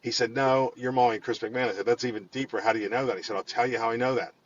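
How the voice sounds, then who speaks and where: A man guest telling long stories in an interview, animated and full of restarts and repeated words. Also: mid-range voice, very fast, highs cut off. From Pittsburgh area. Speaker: guest, financial firm head. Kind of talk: conversational storytelling in an interview.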